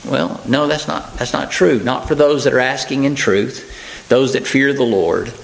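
Male preacher, conversational sermon, folksy asides, plain unhurried delivery with ums and restarts. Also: mid-range voice, gravelly, rough recording.

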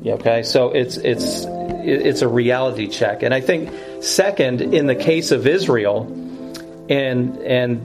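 A man's voice: mid-range voice, takes it slowly, poor audio. Earnest male Bible teacher over music. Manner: earnest, explanatory, self-correcting.

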